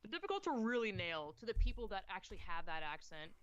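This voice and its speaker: A woman's voice: mid-range voice, sing-song, fast talker, dull audio, slight background noise. A woman guest on a casual podcast, chatty and rambling, swearing freely. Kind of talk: casual chat.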